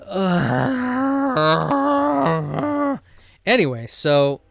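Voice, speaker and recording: A man's voice: high voice, very animated, extremely slow, gravelly, a bit bright. A man streaming a game while telling a rambling, profane story from the tabletop game he runs, often breaking off mid-sentence. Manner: rambling, profane, self-interrupting. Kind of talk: casual storytelling while gaming.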